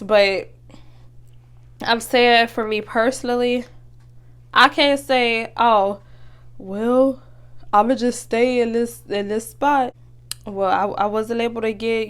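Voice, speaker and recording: A young woman talks casually and earnestly, full of fillers and restarts. Her voice sits a little high. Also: smooth. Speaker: podcast host. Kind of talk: casual motivational talk.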